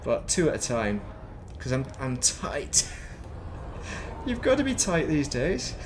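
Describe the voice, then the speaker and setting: A man's voice: medium pitch, huge pitch swings, slow, noisy background. A middle-aged man from England, chatting casually and rambling while streaming a space game, self-mocking and chatty. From northern England.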